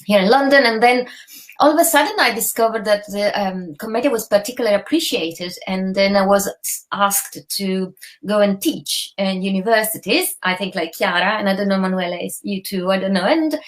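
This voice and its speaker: A woman's voice: mid-range voice, brisk. A woman from Turin with an Italian accent, a theatre performer chatting as a guest over a video call, laughing often and slipping into Italian. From Turin, Italy. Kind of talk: casual interview chat.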